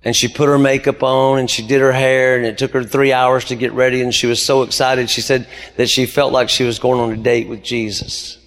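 A pastor delivers a sermon in a mid-pitched voice. He tells stories and builds his emphasis as he goes. His voice carries a long reverb, as if filling a church sanctuary. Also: little pitch movement, brisk, hardly any pauses. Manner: preaching with rising emphasis, storytelling.

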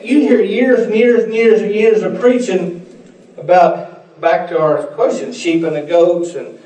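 A man's voice: high voice, steady tone, a little slow, warm tone. A man preaching a sermon and telling folksy stories, acting out the voices of the people in them. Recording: echoey room, voice picked up from a distance.

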